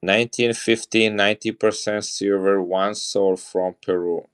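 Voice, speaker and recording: Chatty Italian-accented man, very deep voice. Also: steady tone, a little slow, a little hiss or hum. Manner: chatty, greets viewers, shows off coins. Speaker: coin seller on a live stream. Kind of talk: casual live-stream sales talk.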